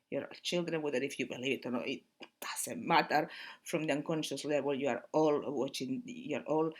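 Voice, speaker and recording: Chatty woman vlogger, lively low voice. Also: breathy edge. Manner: chatty, laughs often, restarts sentences. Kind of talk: casual talk to camera.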